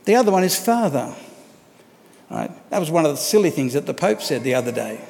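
A man's voice: on the high side, big pitch swings, a little fast, creaky, darkish tone, long reverb tail, a little hiss or hum. A man preaching a sermon as pastor, conversational and asking rhetorical questions of the congregation.

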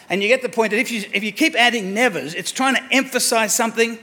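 A man preaching a sermon to his church, emphatic, repeating words for stress and moving between soft asides and raised declarations. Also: sits high, fast talker, hardly any pauses. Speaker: pastor.

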